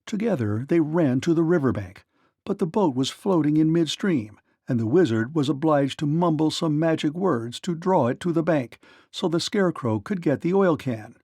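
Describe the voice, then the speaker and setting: Male narrator for a kids' read-along, gravelly and lively, dry close recording. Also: fairly high pitch, moderate pace, dry recording. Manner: animated storytelling. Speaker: storyteller.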